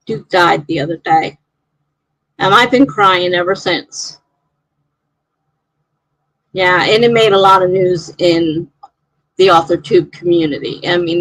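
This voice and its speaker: A woman's voice: medium pitch, a bit bright, no room sound, rough recording. A woman hosting a live stream, chatting casually and reading out viewer comments in a rambling way.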